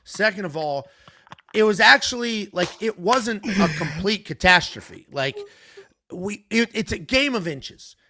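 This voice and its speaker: A man's voice: high-pitched, expressive, unhurried, sharp tone, a little hiss or hum. A man co-hosting a sports podcast, talking in a brash, joking, blunt way in casual chat. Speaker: podcast co-host.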